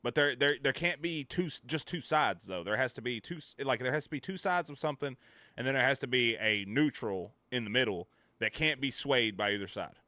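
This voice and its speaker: A man's voice: medium pitch, expressive, fairly quick, no echo. A man streaming live, rambling and ranting profanely while reacting to chat. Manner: rambling, profane, reads chat and riffs loudly.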